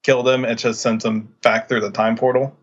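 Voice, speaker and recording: A man's voice: medium pitch, little pitch movement, moderate pace. Male podcast co-host explaining lore, casual, slightly muffled lo-fi audio. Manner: explains game lore, hesitant fillers. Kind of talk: casual game discussion.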